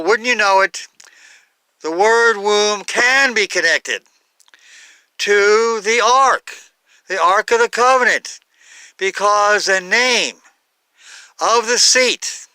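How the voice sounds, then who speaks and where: A man giving an unscripted Bible talk, halting, with many fillers and self-corrections. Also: high voice, bright, forceful tone, smooth, no room sound. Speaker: Bible teacher.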